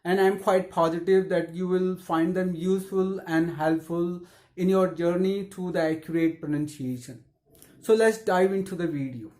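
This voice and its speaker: An English pronunciation teacher in scripted instructional narration, explaining tips in a measured and encouraging way. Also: mid-range voice, steady tone, darkish tone.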